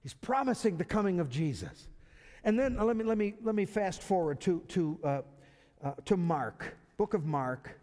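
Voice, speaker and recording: Lively preacher man in a reverberant hall. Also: high-pitched, moderate pace. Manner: conversational, repeats words as he restarts. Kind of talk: sermon.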